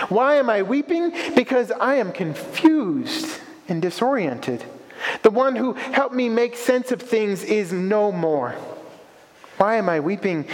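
A man speaking as a grieving woman disciple, heartbroken and angry, asking himself the same question again and again. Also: high-pitched. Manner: repeated questions answered in earnest. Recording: long reverberant echo.

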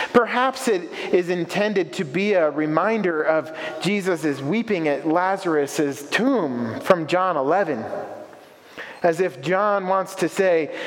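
Slow high-voiced male preacher. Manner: reflective, asks rhetorical questions. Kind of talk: sermon. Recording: long reverberant echo.

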